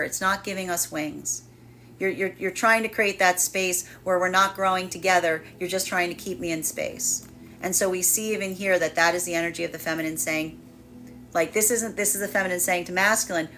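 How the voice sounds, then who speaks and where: A woman's voice: mid-range voice, fairly quick, bright, forceful tone, soft background music. A woman tarot reader giving a livestreamed collective reading, speaking in flowing, repetitive, emphatic phrases.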